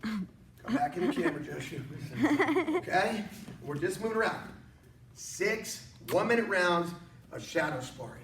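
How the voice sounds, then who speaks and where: At a moderate pace and pausing often, a high-voiced man coaches an online martial arts session from his studio with energy and humor. The echoey room and his distance from the mic are audible, along with a faint underlying hiss.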